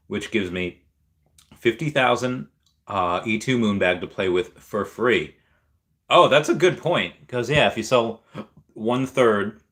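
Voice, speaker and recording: Man, livestream host, chatty and excitable, lowish voice, reads chat aloud. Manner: excitable, bursts into high squeals of delight; thinks aloud with fillers, reads out chat messages. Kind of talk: casual livestream chat reading viewer comments.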